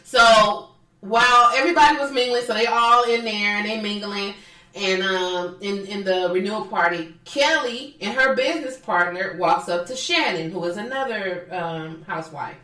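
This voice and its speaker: A woman's voice: medium pitch, normal speed, bright, forceful tone, recorded from a distance. A woman co-hosting a podcast, chatting casually and profanely about a reality show and mimicking the people in it. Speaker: podcast co-host. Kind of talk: casual chat recapping reality TV. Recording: echoey room, off mic.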